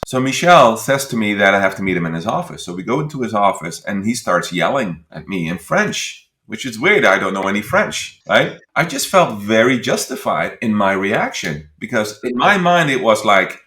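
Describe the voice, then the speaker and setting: A man with a Dutch accent tells a story as a podcast guest. His low voice swings widely in pitch as he acts out what he thought back then. The room has a clear echo. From Netherlands. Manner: animated storyteller acting out his past thoughts. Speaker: guest consultant.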